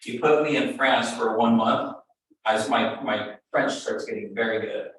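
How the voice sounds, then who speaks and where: A man with a Californian accent coaching in a casual, blunt and animated way, retelling stories with quotes. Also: mid-range voice, a little slow. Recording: echoey room, voice from far off.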